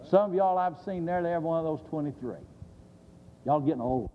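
A man's voice: fairly high pitch, a little fast, dark tone. A middle-aged man teaching a Bible lesson sermon-style, emphatic and quizzing his listeners with questions he then answers. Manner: emphatic, asks the audience questions and answers them. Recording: long reverb of a large hall.

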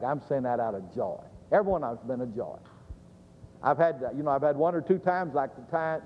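A middle-aged man delivers a Bible lesson as a sermon, pressing his points and firing questions at the room before answering them himself. His voice sits a little high for a man. Long reverb from a large hall trails each line. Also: a little mellow, slight background noise. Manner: emphatic, asks the audience questions and answers them. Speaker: preacher teaching a Bible lesson.

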